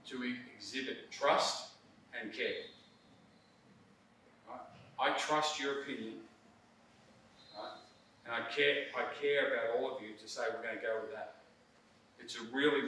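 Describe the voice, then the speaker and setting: A man's voice: mid-range voice, sharp tone. A middle-aged man presenting a coaching workshop in a conversational, emphatic way, often checking in with "right?". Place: presentation room. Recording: roomy hall, distant mic, faint noise.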